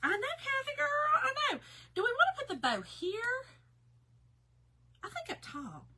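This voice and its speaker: A woman with a Southern US accent hosting a live craft tutorial, chatting warmly with viewers and reading their comments aloud. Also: very high-pitched, huge pitch swings, moderate pace. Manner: chatty and bubbly, reads viewer comments aloud, says y'all and girl. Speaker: craft host.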